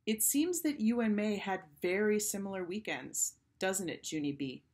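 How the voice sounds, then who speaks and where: Stern male schoolteacher, read by a woman, measured and probing; children's storybook. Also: medium pitch, expressive, a little mellow, pitched above the performer's own voice, natural voice. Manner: measured, pointed questions. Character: stern but patient male first-grade teacher.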